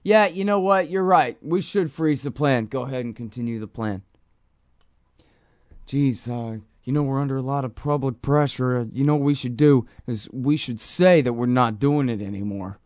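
A man's voice: mid-range voice, normal speed, darkish tone, no room sound, lightly acted. A man voicing a scheming male politician with a put-on Italian-American thug accent.

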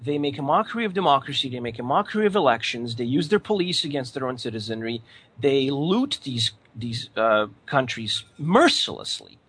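A man giving his political opinions in conversation, hesitant with many fillers and restarts, then rising into animated emphasis. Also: mid-range voice, normal speed, slightly rough. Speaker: political commentator.

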